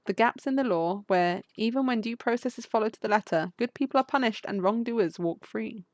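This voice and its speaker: A woman's voice: on the high side, fairly quick, darkish tone, lightly acted. A woman reading the lines of a principled male wolf prosecutor from a game, in earnest, reflective speech.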